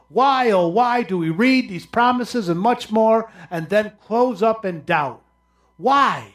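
A man with a high-pitched voice preaches with passion. His delivery climbs into loud, raised cries, then drops to low, quiet asides. It sounds like a heartfelt weekly church message. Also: slow. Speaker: pastor. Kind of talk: sermon.

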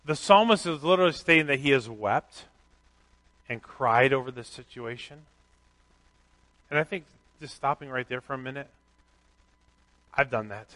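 A middle-aged pastor giving a candid, conversational sermon with self-deprecating asides. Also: male voice, mid-range voice, pushed and bright.

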